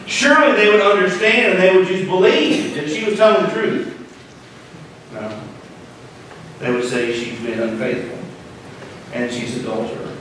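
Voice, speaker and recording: Pastor, male, preaching with big loud-to-hushed swings, echoey church hall, distant mic. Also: high voice, animated, moderate pace, pauses often, a little hiss or hum. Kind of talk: sermon. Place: church sanctuary.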